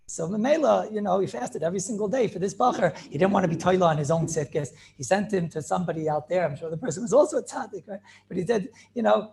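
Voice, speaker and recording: Telling inspirational stories sprinkled with Yiddish and Hebrew, a rabbi repeats many phrases and keeps restarting. His high voice is expressive, gravelly, a little mellow, and fairly quick.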